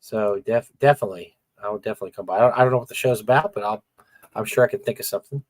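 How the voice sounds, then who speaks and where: A man's voice: lowish voice, racing, no room sound. A middle-aged man co-hosting a casual gaming livestream, blunt and opinionated, often repeating words as he talks. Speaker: podcast co-host.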